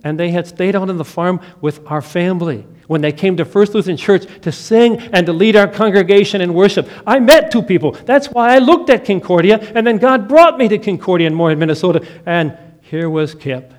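A middle-aged man from the American Upper Midwest preaching a sermon as a personal story, dropping to a hush and then rising to emphatic lines. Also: sits high, fairly quick, hardly any pauses. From Upper Midwest of the United States. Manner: dramatic storytelling, swinging from hushed to emphatic. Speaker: pastor.

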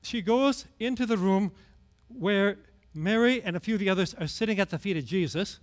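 A middle-aged male pastor giving a conversational sermon, sinking to hushed low tones and rising to loud emphasis. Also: moderate pace.

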